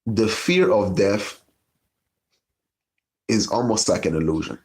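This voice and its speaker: Man, low-pitched, casual profane host telling history. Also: slow. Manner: loose, profane, storytelling with asides. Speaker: podcast host.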